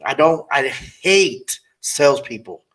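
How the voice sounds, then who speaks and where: A man's voice: medium pitch, sing-song, slow, fairly bright tone. A man hosting an interview, talking bluntly and rambling, often acting out quoted customers in different voices. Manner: blunt, candid opinions. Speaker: podcast host interviewing a car saleswoman. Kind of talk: casual interview chat.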